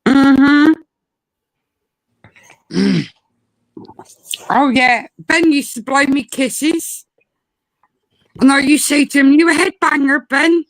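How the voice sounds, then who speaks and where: A woman in casual chat, telling animated stories about a cheeky parrot and imitating its swearing. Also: high-pitched, extremely slow, creaky, pauses often, no echo, low-quality recording.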